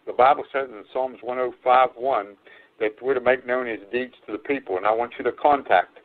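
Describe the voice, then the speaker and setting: An evangelist preaches an earnest radio sermon, pressing his points again and again with plenty of fillers. His voice sits at an ordinary middle pitch for a man. The sound is narrow and tinny, like a phone line. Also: a little fast. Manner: earnest, repetitive exhortation with frequent fillers.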